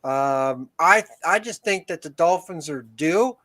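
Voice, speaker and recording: A male host on a casual football talk stream. His voice is quite high for a man, and he loops back and restarts his thoughts as he talks through his picks. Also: animated, unhurried, a bit bright.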